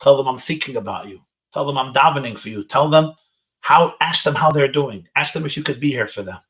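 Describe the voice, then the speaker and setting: The speaker is a rabbi with a medium-pitched, somewhat bright voice and a brisk delivery. He tells teens inspiring stories on a webinar call, dropping in Yiddish and Hebrew phrases along the way.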